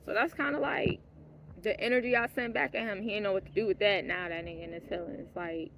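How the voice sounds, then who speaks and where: A woman speaking at an ordinary middle pitch, talking straight to the camera in a candid, profane storytelling monologue. She drops into quiet, muttered asides, then rises into indignant, louder bursts. A faint hiss of background noise sits under her voice. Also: fairly even intonation, fast, gravelly. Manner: blunt and profane, swinging between hushed asides and heated outbursts; laughs mid-sentence. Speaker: vlogger.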